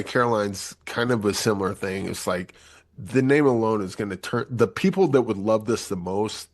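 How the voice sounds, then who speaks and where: A man's voice: lowish voice, gravelly. A man hosting a movie review podcast in casual chat, acting out quotes as he talks. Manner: animated, acts out quotes. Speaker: podcast host.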